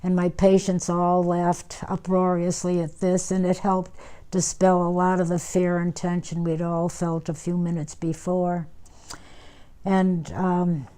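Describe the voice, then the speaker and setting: An elderly woman in her nineties tells an old memory in an oral history interview. Her voice sits low and mellow, with a flat, even melody. She speaks unhurriedly, filling pauses with small hesitations and restarting her phrases. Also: smooth. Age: 90s. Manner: unhurried reminiscing with many fillers and restarts. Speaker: war veteran interviewee.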